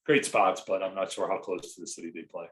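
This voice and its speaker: A male historian chatting as a podcast guest, quick and self-deprecating. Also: sits low, steady tone, fairly bright tone, poor audio. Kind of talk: casual interview chat.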